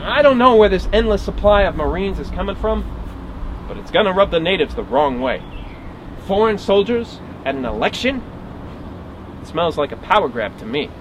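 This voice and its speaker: With a high, sing-song voice at a moderate pace, a historical reenactor voices a wry, stubborn 1850s marshal in a first-person dramatic monologue, grumbling asides included. The tone is tense and wry, and the rough outdoor recording picks up traffic.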